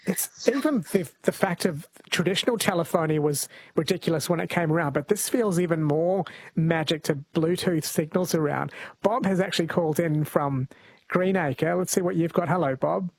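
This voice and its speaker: Husky radio host with a higher male voice. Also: normal speed, no room sound. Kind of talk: radio talk show hosting.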